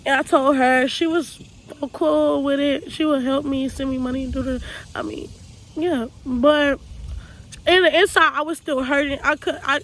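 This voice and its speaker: High-voiced young woman, earnest storytime. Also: steady tone, normal speed, a bit bright, low-quality recording. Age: young adult. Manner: earnest, raw, repeats herself, loose casual speech. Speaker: vlogger telling her life story. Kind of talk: personal storytime monologue.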